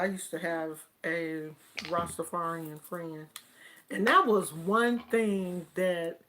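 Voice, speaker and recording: A woman vlogger chatting casually to camera, telling stories in an animated, drawn-out way. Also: fairly low pitch.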